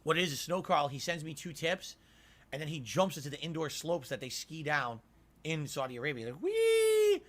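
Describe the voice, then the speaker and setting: A man co-hosting a casual livestream chat, telling rambling stories in an animated way with plenty of filler words. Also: on the high side, fairly quick.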